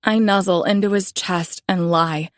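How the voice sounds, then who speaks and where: Woman, romance audiobook narration, calm, measured, mid pitch, dry close sound. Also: no echo.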